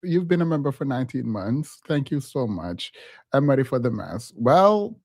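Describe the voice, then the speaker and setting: A man's voice: mid-range voice, big pitch swings, normal speed, a little mellow, no echo, clean studio sound. A man hosting a stream, reacting to a clip with blunt, sassy commentary. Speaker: host.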